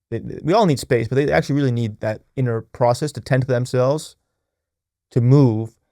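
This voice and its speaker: A man's voice: a little mellow, dry recording, studio quality. A young adult man hosting a podcast, earnest talk on relationships and spirituality with many restarts and "right?" tags. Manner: acts out quoted voices in a raised pitch. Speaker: podcast host.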